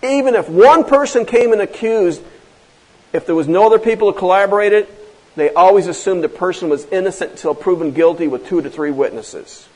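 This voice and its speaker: A man's voice: sits high, brisk, darkish tone, rough recording. A man preaching a sermon as pastor, emphatic and full of rhetorical questions.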